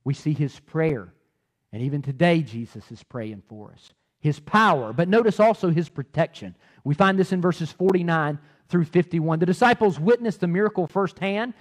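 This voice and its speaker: Brief: male pastor, middle-aged, preaching with a high, very lively voice that swings loud and soft. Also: moderate pace. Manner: animated, repeats words, swings loud and soft. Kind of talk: sermon.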